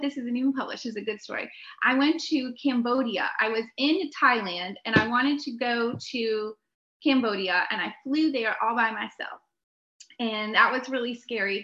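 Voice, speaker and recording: A young adult woman, a podcast guest, telling a story in an animated way, laughing often and full of filler words. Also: fairly high pitch. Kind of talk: storytelling in a conversation. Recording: echoey room, dull lo-fi sound.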